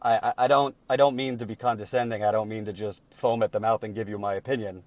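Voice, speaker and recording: A man's voice: fairly low pitch, fairly even intonation, a little mellow, no room sound. Indignant male political commentator, dry sound. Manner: indignant, emphatic, with frequent repeated restarts; deliberate and slowed when troubled. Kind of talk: reading and commenting on leaked emails.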